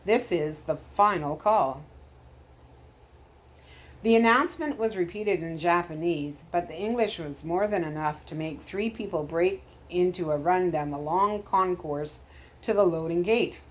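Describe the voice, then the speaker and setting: A woman storyteller reading chapters of a storybook aloud in a calm, steady way. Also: fairly low pitch, moderate pace.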